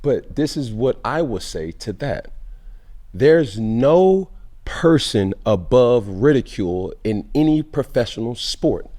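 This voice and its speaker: A man's voice: mid-range voice, animated, takes it slowly, dark tone. A man hosting a casual sports podcast, talking emphatically and firing off rhetorical questions. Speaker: podcast host.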